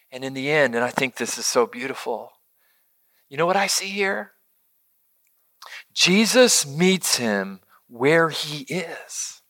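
A man preaching a sermon, earnest, swinging from emphatic lines to soft, hushed ones. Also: high-pitched. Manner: earnest, shifts between loud emphasis and soft near-whisper. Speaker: pastor.

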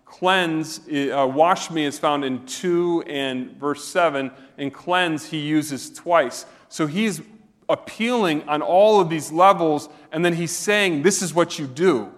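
A man's voice: fairly high pitch, slow, a bit bright. A man preaching a sermon as a pastor, earnest and conversational, asking his listeners direct questions. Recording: long reverb of a hall.

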